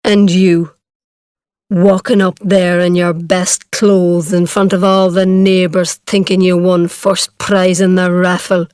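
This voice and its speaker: A woman's voice: medium pitch, animated, measured pace, few pauses, smooth, dry recording, clean studio sound, close to an everyday voice. Woman reading as a bitter, sneering father. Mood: angry. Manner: sneering, shouting. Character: bitter, angry middle-aged father. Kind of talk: read-aloud storybook dialogue.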